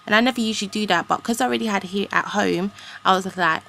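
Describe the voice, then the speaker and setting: A woman's voice: medium pitch, fast talker, creaky, a bit bright, a little hiss or hum. A young woman, ranting in a rambling, indignant way with casual slang as a vlogger. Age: young adult. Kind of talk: ranting to camera.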